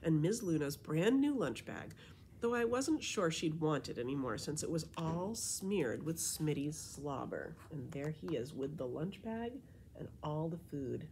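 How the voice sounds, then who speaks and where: A woman librarian reading a children's storybook aloud with expressive, animated storytelling. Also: low voice, measured pace, slight background noise.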